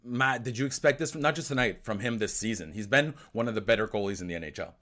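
Excitable French-speaking man hosting a hockey show. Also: fairly low pitch. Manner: excitable, laughs often, quick asides. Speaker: host. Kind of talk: casual hockey podcast chat.

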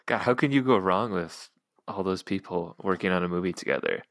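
Casting note: young male podcast co-host, very low voice, dry close sound, quick reactions and laughs. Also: fairly bright tone, no echo. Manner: short reactions, laughs and exclamations. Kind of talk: casual chat.

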